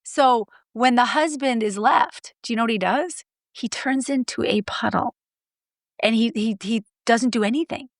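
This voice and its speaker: A middle-aged woman coach telling stories in an interview, blunt and lively, acting out her clients' lines. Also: on the high side, normal speed, dry recording, studio quality. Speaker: guest, marriage coach. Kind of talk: animated storytelling interview.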